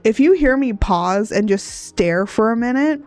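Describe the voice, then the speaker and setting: Woman streamer just getting over being sick, sniffly, slow easy rambly chat, soft music behind. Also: a little high, lively intonation. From Texas. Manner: rambling, chatty, self-deprecating, laughs often. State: recovering from illness, sniffly with a cough. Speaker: art streamer. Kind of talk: casual chat while live-streaming. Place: home streaming setup at a laptop. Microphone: desk mic, not a headset.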